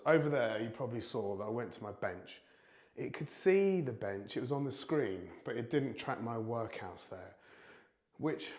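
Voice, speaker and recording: A man's voice: mid-range voice, echoey room. A British man chatting casually as he reviews home fitness gear, thinking aloud with a self-deprecating manner. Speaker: product reviewer.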